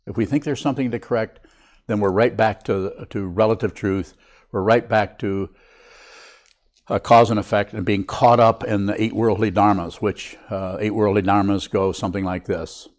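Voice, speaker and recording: An older man, a Buddhist teacher, giving a reflective, unhurried dharma talk to a meditation group. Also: on the low side, fairly even intonation, a little mellow.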